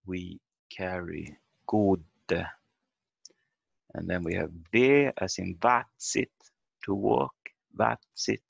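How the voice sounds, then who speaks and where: A man teaching a language lesson over a video call, explaining slowly and haltingly and repeating example words aloud. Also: low-pitched, steady tone, creaky, slightly rough, no room sound. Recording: dull lo-fi video call audio.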